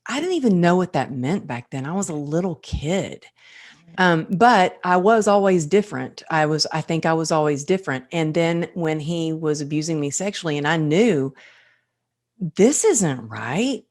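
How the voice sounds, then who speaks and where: A woman hosting a podcast interview, with a notably low voice. She talks earnestly and reflectively, in a personal way. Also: moderate pace, a little mellow. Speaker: podcast host. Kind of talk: conversational interview.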